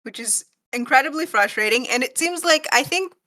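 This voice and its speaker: Bright-voiced woman co-hosting a podcast. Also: high-pitched. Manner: animated, acts out characters' lines in quick bursts. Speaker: podcast co-host. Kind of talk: casual chat.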